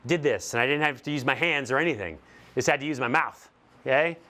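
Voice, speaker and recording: A man's voice: medium pitch, fast talker, bright, forceful tone. A man giving an emphatic motivational stage talk, telling stories and landing short repeated punchlines. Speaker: keynote speaker.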